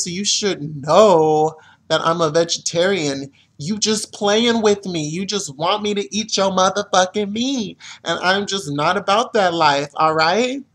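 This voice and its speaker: A man's voice: high-pitched, a bit bright. A young man venting to camera in an exasperated, profane rant, complaining as a vlogger. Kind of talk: ranting to camera.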